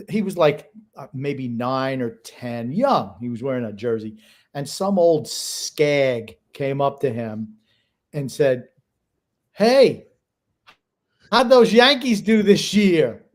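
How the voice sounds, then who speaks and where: A man's voice: medium pitch, slow pace, a little mellow. A middle-aged man co-hosting a casual podcast, telling stories in a blunt, teasing way. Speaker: co-host, father.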